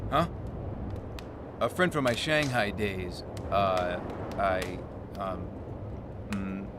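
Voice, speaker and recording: Hesitant game guy, super slow, low, hissy audio. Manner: halting, hesitant. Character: hesitant man meeting an old friend.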